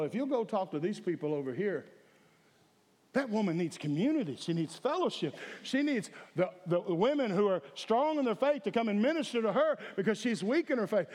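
A man's voice: extremely high pitch, animated, moderate pace, darkish tone. A man preaching a sermon as pastor, emphatic and calling for responses from the congregation. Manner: emphatic, calls for audience response. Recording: echoey hall with long reverb.

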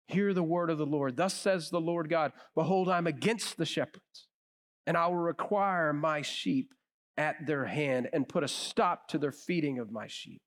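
A male pastor preaching a sermon, telling stories with emphasis and dropping to a hush on key phrases. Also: fairly high pitch. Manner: animated storyteller.

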